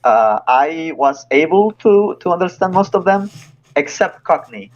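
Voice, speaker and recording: A man's voice: on the high side, lively intonation, unhurried, dull audio, a little hiss or hum. A man who works as a Japanese translator, chatting casually as a podcast guest, hesitant with many fillers.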